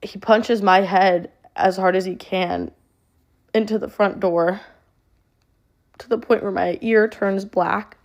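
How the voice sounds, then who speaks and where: A young woman telling a personal story to camera in a flat monotone, halting and full of fillers. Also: mid-range voice, vocal fry. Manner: halting, with many fillers and restarts. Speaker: social media creator.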